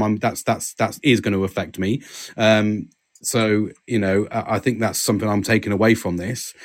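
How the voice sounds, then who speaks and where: A man hosting a podcast, talking earnestly in a halting, casual way and swearing freely. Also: lowish voice. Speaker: podcast host. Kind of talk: casual chat.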